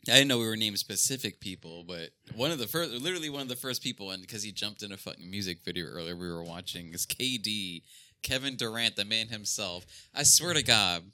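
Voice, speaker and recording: A man's voice: on the low side, expressive, a little fast, bright, forceful tone, no room sound. A young man co-hosting a casual podcast chat, ranting with lots of swearing and laughter. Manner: profane ranting, laughs often. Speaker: podcast co-host.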